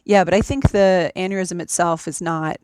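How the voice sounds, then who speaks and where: A woman talking in a relaxed conversation over a remote call, explaining things step by step with frequent ums. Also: on the low side, normal speed, smooth, no room sound. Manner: methodical, explanatory, with many ums. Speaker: podcast guest. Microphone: remote call recording.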